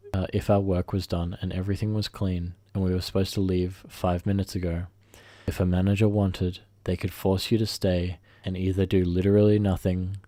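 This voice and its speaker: A man reads a first-person revenge story aloud, stumbling over words and restarting phrases as he goes. His voice sits low and mellow, recorded close and dry with no room echo. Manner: halting, self-correcting reading. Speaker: story narrator.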